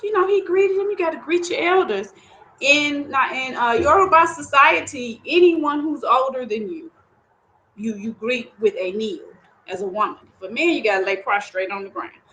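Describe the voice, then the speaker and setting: A woman telling a traditional story aloud in an animated, conversational way with many asides. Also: high-pitched, moderate pace, rough recording. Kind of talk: oral storytelling of Yoruba myths.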